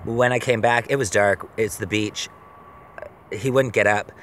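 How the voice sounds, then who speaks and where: A man telling personal stories in a rambling, profane, animated way, with many restarts, keeping a video journal. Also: on the low side, a little slow. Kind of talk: casual storytelling monologue. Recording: noisy outdoor street recording.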